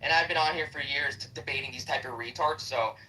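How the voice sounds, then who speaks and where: A man's voice: mid-range voice, quick pace, bright, forceful tone, slight background noise. A man ranting aggressively and with heavy profanity in a heated live-stream debate. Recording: voice distant from the mic.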